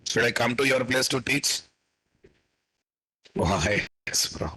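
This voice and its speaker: A husky man with an Indian English accent teaches a programming class at an unhurried pace. He dictates code word by word and keeps asking the class to repeat key terms back. His voice has a bright, forward edge. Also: medium pitch, animated, poor audio. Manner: repeats questions to the class and answers them himself; slowly dictates code while typing. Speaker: programming instructor. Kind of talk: live coding lecture.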